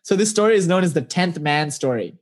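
A spiritual teacher telling parables in an animated, casual way, often asking the listener rhetorical questions. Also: mid-range voice, a little fast. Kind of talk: storytelling talk with parables.

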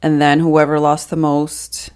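A woman's voice: low voice, monotone, a little slow, darkish tone, clean tone. A woman, co-hosting a podcast in a rambling, casual way with frequent laughs. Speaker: podcast co-host. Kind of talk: casual chat.

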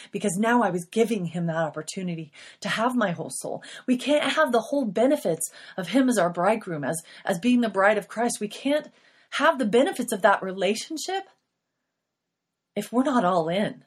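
Breathy middle-aged woman, podcast host, earnest confessional faith testimony. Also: mid-range voice, expressive, normal speed.

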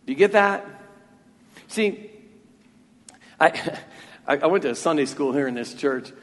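A man's voice: fairly high pitch, lively intonation, a little slow, a bit bright. A man preaching a sermon from a church, earnest and talking freely, often repeating words as he restarts a thought. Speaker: pastor. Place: church sanctuary. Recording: long church reverb.

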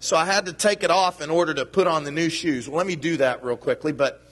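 A man's voice: a little high, quick pace, fairly bright tone. A man giving a children's sermon in a church, talking to the kids in a playful, friendly way. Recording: long reverb of a church hall.

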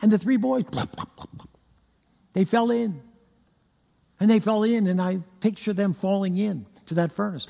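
A man preaching a sermon, telling scripture stories in an animated way with vocal sound effects. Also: high voice, normal speed, gravelly, pauses often. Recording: long hall reverb.

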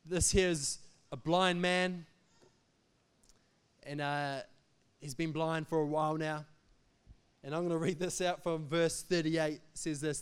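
Male pastor, emphatic sermon delivery, higher voice. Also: steady tone, unhurried, long pauses, clear, resonant tone. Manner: emphatic, repetitive, jokes between points.

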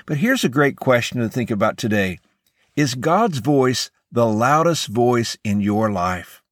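Man, mid-range voice, earnest devotional podcast host, measured and encouraging, dry close recording. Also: mid-range voice, big pitch swings, no room sound. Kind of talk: scripted devotional message.

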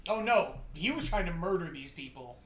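A woman chatting casually about a movie, animated, swearing now and then and acting out lines in character voices. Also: lowish voice, moderate pace, a little hiss or hum. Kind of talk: casual movie review chat. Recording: echoey room.

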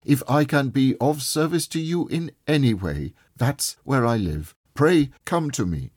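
A man voicing a kind young gentleman who speaks earnestly and courteously. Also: mid-range voice, expressive, unhurried, husky, dry recording, clean studio sound, pitched above the performer's own voice.

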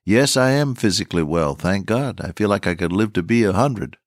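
A man's voice: lowish voice, lively intonation, a little fast, no room sound, studio quality. An older man teaching the Bible on the radio, folksy and earnest, repeating his key lines. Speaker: radio preacher.

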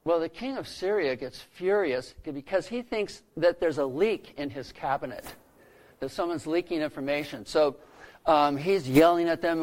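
Retelling stories from scripture in a sermon, a male preacher raises his voice for quoted lines and sinks soft and low to drive a point home. He speaks at a moderate pace.

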